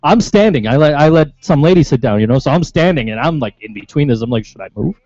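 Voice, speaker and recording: A man's voice: fairly high pitch, expressive, fast, darkish tone, dry recording, muffled recording. A man with a Western New York accent on a casual talk show, telling a rambling, swear-filled anecdote with laughs. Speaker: show regular. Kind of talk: casual banter.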